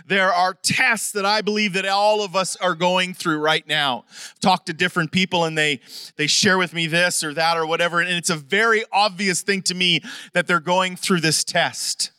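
A middle-aged man preaching a sermon, animated and conversational, often asking the congregation questions. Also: high-pitched, normal speed, clean tone, no room sound, clean studio sound. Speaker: pastor.

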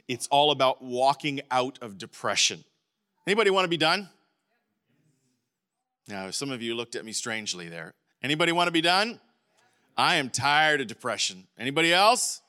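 A middle-aged man, a pastor, preaching a lively sermon and calling out to his congregation. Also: medium pitch. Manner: animated preaching, calls out to congregation.

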